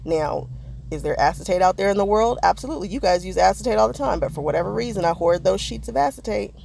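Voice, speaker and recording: A woman's voice: mid-range voice, expressive, fast talker, vocal fry, darkish tone, a little hiss or hum. A woman chatting casually to her viewers as she narrates a craft project, poking fun at her own mistakes. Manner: chatty, self-deprecating, talks to viewers. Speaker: crafting vlogger.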